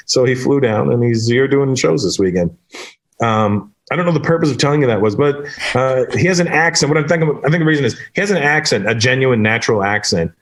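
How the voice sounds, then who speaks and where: A male comedian tells stories in a loose, animated conversational way. He keeps slipping into quoted voices to act out scenes, and his voice sits in an ordinary middle range. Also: mid-range voice, quick pace. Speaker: stand-up comedian, guest. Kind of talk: casual storytelling in conversation.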